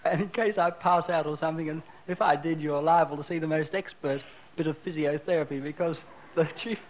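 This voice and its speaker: A square dance caller, a man, out of breath, speaking to a crowd with emotion and halting phrases, in an old 1950s newsreel recording. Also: on the high side, fairly even intonation, rough recording.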